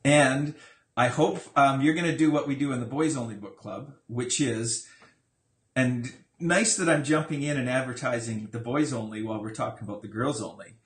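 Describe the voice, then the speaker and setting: A man's voice: mid-range voice, moderate pace, roomy sound. A man conducting a casual interview as an author and dad, with a playful, teasing manner.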